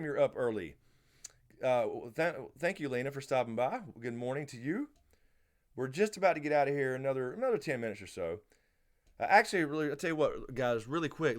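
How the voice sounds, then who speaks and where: A man with a Southern American accent hosting a live question-and-answer stream, chatting loosely and greeting viewers by name. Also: mid-range voice. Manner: relaxed, rambling, answers chat by name. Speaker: livestream host. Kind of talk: casual live Q&A chat.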